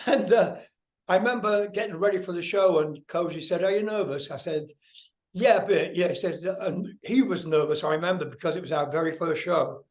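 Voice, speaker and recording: Older male guest, high-ish voice, lively storyteller, swears a lot. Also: fairly quick. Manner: animated, swears freely, acts out voices in anecdotes. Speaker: guest musician. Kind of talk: casual storytelling interview.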